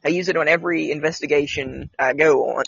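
Quick and steady, a man with a fairly high, husky, gravelly yet fairly bright voice hosts a laid-back podcast. He recounts what happened to him in a halting, rambling way, restarting again and again. The audio comes across slightly dull and dry.

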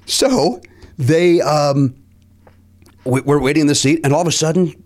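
A man's voice: a little high, unhurried. A middle-aged man, a podcast guest, telling a story in casual chat, laughing and acting out what people said. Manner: animated, laughing, acts out quoted lines.

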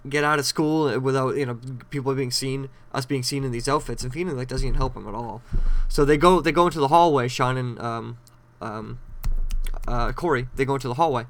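This solo podcast host has a medium pitch, a fairly bright tone and a slightly fast pace. He rambles through a chatty recap of a TV episode, correcting himself frequently.

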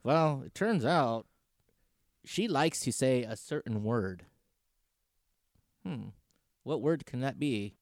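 A man's voice: medium pitch, lively intonation, takes it slowly, pauses often, no room sound, studio quality. A man hosting a podcast, joking and crude in casual banter. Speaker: podcast host.

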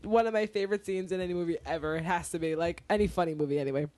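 A woman's voice: on the low side, rapid-fire, a little mellow, dry recording. A woman co-hosting a casual podcast chat, gushing and giggling through crude jokes on a close microphone. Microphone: close studio mic.

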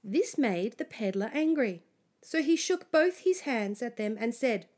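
A woman reading a children's story aloud, slowly and expressively, dropping to a hush at times. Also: on the high side. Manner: slow, expressive, sometimes hushed.

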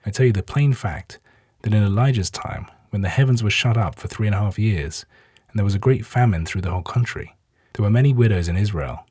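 A man reading the words of Jesus as a calm, authoritative teacher. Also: lowish voice, breathy edge, dry recording, studio quality. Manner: measured, authoritative.

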